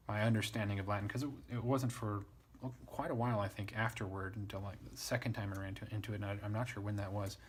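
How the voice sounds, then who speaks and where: Man, low husky voice, relaxed Latin tutor who muses aloud and pokes fun at himself. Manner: wry, self-deprecating, works through ideas aloud. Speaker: Latin teacher. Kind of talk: casual spoken lesson, thinking aloud.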